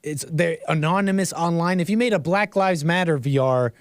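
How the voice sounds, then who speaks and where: A man's voice: on the high side, normal speed, no echo, clean studio sound. Man casually ranting on a livestream. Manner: rambling, restarts phrases, tags sentences with "right?"; chuckles between remarks. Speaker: livestream host.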